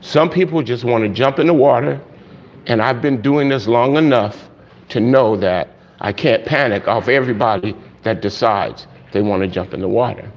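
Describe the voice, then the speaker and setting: A man preaching a sermon, telling a story and acting out the voices of its people, growing loud and high at its peaks. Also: normal speed, a little hiss or hum. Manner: storytelling, acts out quoted voices, rising loud and high at climaxes. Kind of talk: sermon illustration. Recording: dull lo-fi sound.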